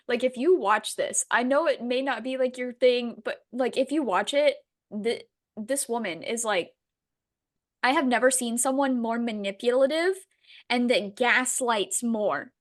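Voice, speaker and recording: A young woman co-hosting a book podcast, chatting casually and animatedly, swearing and acting out quotes. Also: a little high. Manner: animated, swearing, dramatic quoting. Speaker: podcast co-host. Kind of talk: casual chat.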